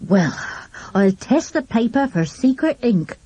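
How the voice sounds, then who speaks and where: A woman voicing a pompous, blustering middle-aged village policeman who talks gruffly and loudly. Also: a little high, big pitch swings, a little slow, dry recording, voice pushed up. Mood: self-important. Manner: gruff and self-important, raises his voice.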